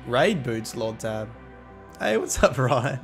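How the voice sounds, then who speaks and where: A man streams a game and banters with his chat in a cheeky, joking way. He talks at a slow, unhurried pace in a mid-range voice. Faint game music plays behind him. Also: medium pitch, very animated, creaky. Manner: cheeky, joking, thanks viewers, teases chat. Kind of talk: casual live-stream chat with viewers.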